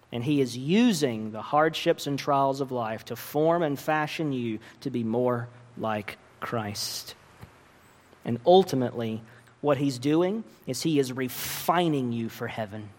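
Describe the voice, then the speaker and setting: Slow, emphatic male preacher in a hall. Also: medium pitch, a little mellow. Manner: earnest preaching with emphatic rises. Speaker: pastor. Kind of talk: sermon. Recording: long reverb of a large hall.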